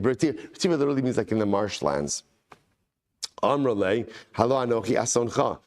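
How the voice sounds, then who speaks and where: Male rabbi lecturing on Talmud, lively storyteller, mid-pitch voice, weaves in Aramaic. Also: brisk. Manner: animated storytelling, mixing in Hebrew and Aramaic quotes. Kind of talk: daily Talmud class lecture.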